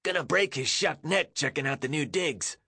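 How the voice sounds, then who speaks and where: A man's voice: fairly high pitch, animated, normal speed, creaky, sharp tone, breathy edge, pitched above the performer's own voice, exaggerated voice. A man doing a scratchy, mocking teen boy.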